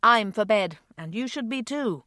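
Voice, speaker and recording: A woman voicing a kind, patient grown man in an audiobook, speaking gently and reassuringly. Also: on the high side, animated, normal speed, dry recording, studio quality. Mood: gentle. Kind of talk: audiobook character voice.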